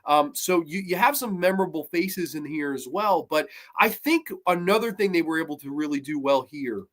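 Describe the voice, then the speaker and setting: A man hosting a horror film review show, retelling scenes in a casual, excitable and profane way. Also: a little high, moderate pace.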